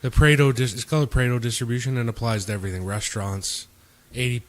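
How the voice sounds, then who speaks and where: A man's voice: medium pitch, steady tone, racing. A young man hosting a podcast, telling a long, profane bar story in casual chat and acting out what others said. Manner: rambling, profane, acts out quotes of others. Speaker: podcast host.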